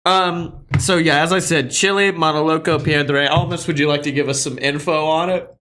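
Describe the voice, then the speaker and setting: A man co-hosting a comedy podcast, chatting excitedly and swearing through a hot-sauce challenge. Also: on the high side, normal speed. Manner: loud, excitable, swearing, laughing often. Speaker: podcast co-host.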